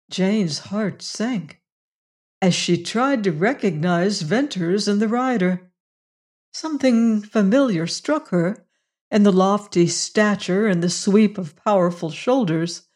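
An audiobook narrator reading a western novel in a slow, measured style. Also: medium pitch.

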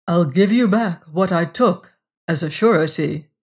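A fussy, pettish devil with a sly, mocking edge, as a narrator reads him in a storybook. The lines come slow and deliberate, a touch raised above the plain narration. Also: medium pitch, natural voice. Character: petulant scheming devil with talons. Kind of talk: audiobook reading.

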